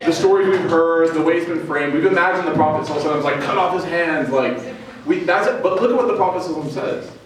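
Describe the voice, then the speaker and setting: A man's voice: fairly high pitch, racing, crowd noise. A man from Chicago teaching Islamic studies to college students in a casual storytelling way, acting out the dialogue of the people in his story and joking with the audience. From Chicago, United States. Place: lecture room with a student audience. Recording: very echoey room, mic at a distance.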